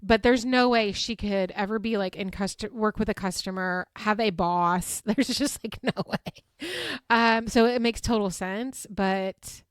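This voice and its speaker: A woman in her thirties, hosting a podcast and retelling events in a chatty, animated way, full of fillers. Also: mid-range voice, unhurried, clean tone, no room sound, studio quality. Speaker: podcast host. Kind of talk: casual recap chat.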